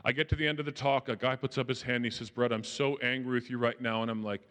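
A man speaking to a crowd from a stage, his voice carrying a long echo through a large hall. He tells his story with animated, self-deprecating humor and jumps into the voices of the people he quotes. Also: medium pitch, quick pace, few pauses. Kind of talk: storytelling talk to an audience.

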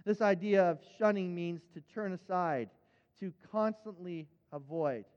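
High pitched guy preaching in church, earnest, stumbly restarts, muffled sound. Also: a little slow, a little mellow, clean tone. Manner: earnest, repeats words when starting phrases. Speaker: pastor. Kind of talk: sermon. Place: church sanctuary. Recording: dull, echoing church hall.

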